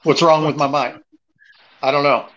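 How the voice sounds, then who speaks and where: A man co-hosting a podcast, explaining things in a steady, earnest way in casual chat. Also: fairly high pitch, normal speed. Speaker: podcast co-host. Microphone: earbuds mic. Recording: muffled lo-fi call audio.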